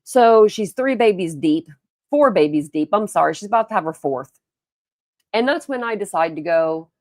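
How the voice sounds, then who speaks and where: In studio-quality sound with no room noise, a young livestream host chats casually, reads and replies to her chat, and tells rambling stories. Her medium-pitched voice is animated and darkish in tone, at a normal speed.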